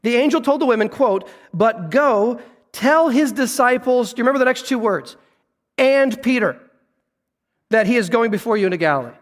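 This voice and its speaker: Pastor guy preaching, fairly high voice, goes quiet and low for emphasis, big echoey hall. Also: lively intonation, brisk. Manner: earnest preaching, drops low and soft for emphasis. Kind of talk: sermon.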